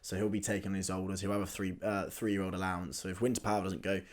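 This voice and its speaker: A man co-hosts a casual racing chat with a fairly low voice. He states his opinions with confidence and emphasis. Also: level tone, fast. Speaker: co-host of a racing tips show.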